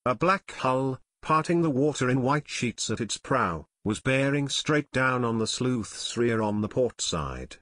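He's narrating an adventure audiobook at medium pitch, keeping the scripted delivery steady and measured. The sound is clean studio audio, free of room sound.

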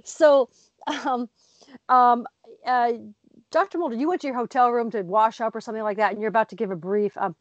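A woman co-hosting a casual talk show, telling stories with lively acted-out voices. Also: fairly high pitch, a little fast, no echo, dull audio. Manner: lively storyteller, acts out voices. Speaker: co-host. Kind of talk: casual chat.

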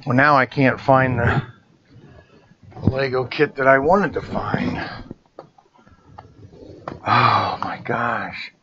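Exasperated shopkeeper, unhurried, mutters and sighs, lo-fi. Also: male voice, medium pitch, fairly even intonation. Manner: frustrated muttering to himself, sighing. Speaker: toy shop owner. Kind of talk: casual talking to the camera. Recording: dull lo-fi sound with background noise.

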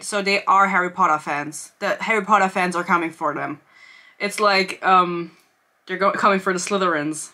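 Young woman in her twenties, book reviewer, sarcastic and giggly, bright tone. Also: on the low side, steady tone, normal speed. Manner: sarcastic, laughing, reads excerpts aloud. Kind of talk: casual book review vlog.

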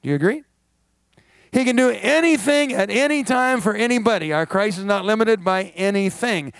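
A man preaching with a high, gravelly voice that keeps breaking into laughter. He is middle-aged, animated and wry, and the sound is close and dry. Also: moderate pace, no room sound. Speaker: guest pastor. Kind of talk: sermon. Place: church sanctuary.

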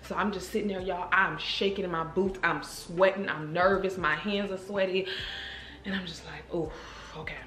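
A woman vlogger telling a story to her viewers in a casual, animated, emotional way, calling them girl and y'all. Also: fairly low pitch, normal speed. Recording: roomy echo with faint music.

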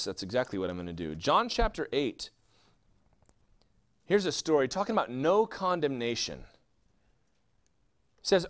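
A man preaching a sermon as a pastor, asking rhetorical questions and answering them himself. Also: mid-range voice.

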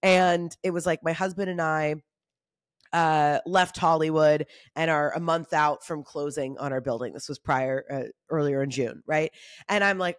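A woman in her thirties hosting a motivational solo talk, candid, casual and animated, often saying y'all. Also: low voice, moderate pace, no room sound, studio quality. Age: 30s. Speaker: podcast host.

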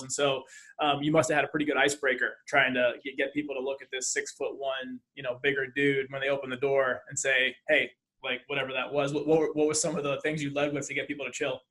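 A man hosting a podcast in casual interview chat, halting, often repeating words and using fillers. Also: mid-range voice, sharp tone. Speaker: podcast host.

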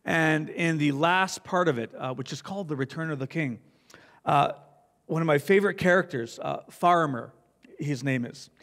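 A man's voice: fairly high pitch, a bit bright, in a large hall. A man giving a Sunday sermon in an earnest, reflective way, reading scripture aloud. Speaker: pastor.

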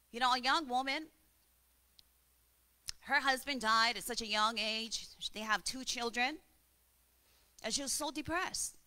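A woman preaching a sermon, telling stories and demonstrating slow breaths. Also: a little high, bright, forceful tone.

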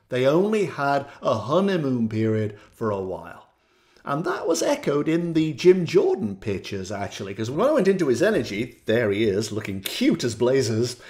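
A man's voice: mid-range voice, darkish tone, echoey room. A man hosting his channel, dramatically narrating his psychic visions in a vivid monologue. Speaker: channel host.

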